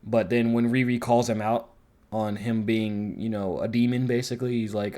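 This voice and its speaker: A man's voice: fairly low pitch, level tone, moderate pace, mellow. Rambling, profane male reviewer. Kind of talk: casual commentary.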